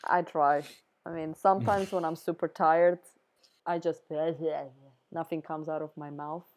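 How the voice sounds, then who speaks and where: A woman's voice: sits low, steady tone, unhurried, darkish tone. A woman hosting a casual art livestream, chatty and giggly, often trailing off mid-sentence. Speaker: livestream host. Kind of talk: casual chat.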